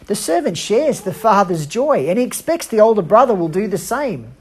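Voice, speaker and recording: Husky-voiced woman preacher. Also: mid-range voice, very animated, a little mellow. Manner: earnest, emphatic preaching with dramatic pauses. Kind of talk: sermon.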